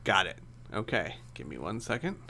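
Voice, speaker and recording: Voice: sits low, big pitch swings, moderate pace, vocal fry, pushed and bright. A game master running a tabletop game, laid-back and often giggling.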